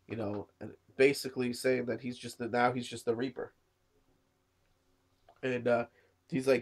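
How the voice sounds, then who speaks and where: Man, sick, coughing, casual rambling review, middle pitch. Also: level tone, moderate pace, long pauses. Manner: rambling, lots of "you know" and "uh". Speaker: manga reviewer. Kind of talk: casual chat.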